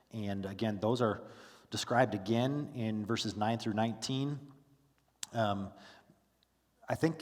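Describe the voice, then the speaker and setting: A man teaching a Bible study class in a relaxed, conversational way, full of fillers and restarts, who stops to ask his class questions. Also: fairly low pitch, in a large hall. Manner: casual, with frequent fillers and restarts. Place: church classroom.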